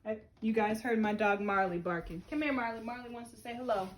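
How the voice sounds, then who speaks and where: A woman's voice: fairly high pitch, fairly quick. A woman teacher giving a remote phonics lesson to young children, with an encouraging, sing-song classroom delivery. She is recording from home. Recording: roomy echo.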